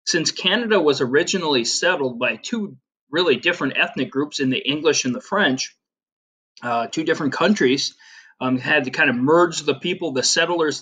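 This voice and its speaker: Chatty, bright-voiced American teacher. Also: male voice, a little high, normal speed, slightly rough. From United States. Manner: chatty, rambling, with filler words and personal anecdotes. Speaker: geography teacher. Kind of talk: casual classroom video lesson.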